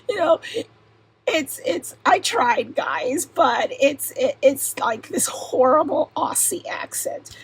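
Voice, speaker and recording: A middle-aged woman chatting casually while unboxing crafts, talking softly in a half-whisper and giggling often. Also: high voice, expressive, slow pace, a little hiss or hum, low-quality recording. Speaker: crafting vlogger.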